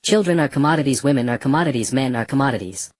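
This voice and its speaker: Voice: medium pitch, lively intonation, fast talker, no room sound, studio quality, natural voice. A narrator voicing a cruel, mocking male slave trader in a black robe, speaking casually and scornfully. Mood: cold mockery. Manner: casual, scornful, matter-of-fact.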